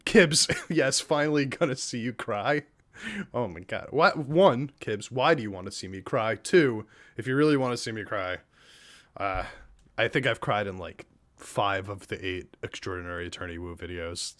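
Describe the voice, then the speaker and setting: A man in the middle of a relaxed live stream, chatting straight to his viewers in an earnest, gushing way. His voice sits at an ordinary middle pitch, and his words tumble out with frequent restarts and repeats. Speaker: streamer and reaction host. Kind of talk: casual live-stream chat.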